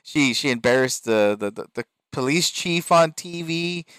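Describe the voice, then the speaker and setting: A man co-hosting a podcast, telling stories in an animated, laughing way in casual chat. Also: on the high side, normal speed, clear, resonant tone, dry recording. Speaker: podcast co-host.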